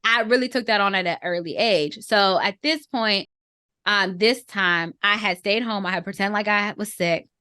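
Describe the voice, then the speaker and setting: Her voice is medium-pitched and smooth, recorded in clean studio sound with no echo. A woman in her thirties, she tells a personal family story in a podcast conversation, earnest and reflective, often pausing to choose words, holding back emotion and softening at tender points.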